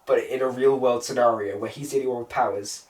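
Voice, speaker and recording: A male co-host of a casual film podcast talks quickly in a mid-range voice with fairly even intonation. He rambles and swears a lot while retelling scenes, picked up by a roomy, distant mic.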